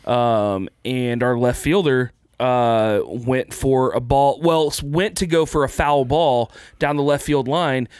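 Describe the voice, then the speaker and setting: A man's voice: medium pitch, fairly even intonation, slow, hardly any pauses, a little mellow, clean tone, no echo, studio quality. A man telling a crude story in a casual chat with friends.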